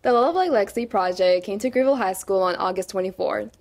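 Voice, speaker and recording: A woman's voice: mid-range voice, fairly quick, a little mellow. A woman co-anchoring a student news show, reading the script and handing off to other reporters. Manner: announces segments and hands off to others.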